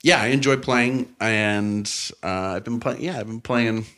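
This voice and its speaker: This podcast guest, a comedian in his 40s with a Canadian accent, has a medium-pitched, slightly bright voice and an unhurried delivery. He chats in a relaxed, rambling way with frequent laughter and restarts.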